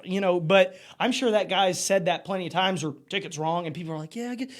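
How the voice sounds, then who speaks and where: A man's voice: high-pitched, fairly even intonation, brisk. A man hosting a podcast in casual chat, easygoing and chatty, acting out quoted voices. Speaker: podcast host.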